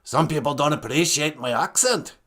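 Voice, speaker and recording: A man voicing a gruff male creator spirit who talks like a pirate, booming and fatherly. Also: normal speed, bright, forceful tone. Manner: booming, fatherly, calls others "me son".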